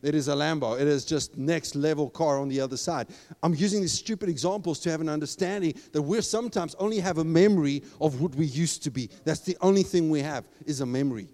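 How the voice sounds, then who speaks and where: A man preaching a sermon, talking casually and then building up to loud, emphatic exhortation. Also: fairly high pitch, fast, hardly any pauses. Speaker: pastor. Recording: long reverb of a large hall.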